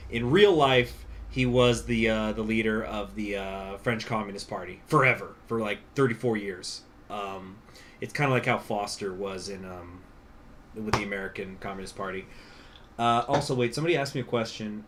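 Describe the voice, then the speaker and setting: A man's voice: fairly low pitch, a bit bright, a little hiss or hum. A young man live-streaming a strategy game, rambling casually with lots of fillers and swearing.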